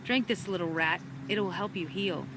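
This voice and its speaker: A woman voicing a caring female bird healer who talks softly and soothingly, in a storybook reading recorded outdoors in a park. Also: lowish voice, normal speed, natural voice. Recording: outdoor park with traffic noise.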